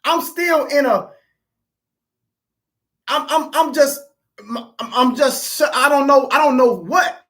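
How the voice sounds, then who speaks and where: Grieving woman, halting and higher-pitched. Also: fairly bright tone. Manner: halting, repeats herself, addresses listeners as family. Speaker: grieving parent hosting a live stream. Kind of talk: emotional live-stream testimony.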